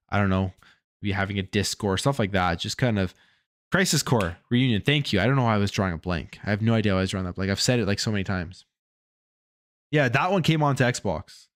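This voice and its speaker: Low-voiced Canadian man chatting on stream. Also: no echo, studio quality. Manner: rambling, thinks aloud, chats with viewers. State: tired after a long workday. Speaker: gaming channel host. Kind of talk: casual livestream chat.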